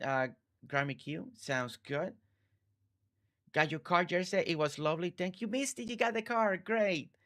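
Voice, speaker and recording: Friendly man streaming a farm game. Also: a little high. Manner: friendly, reads chat aloud, warm thanks to viewers. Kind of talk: casual live-stream chat.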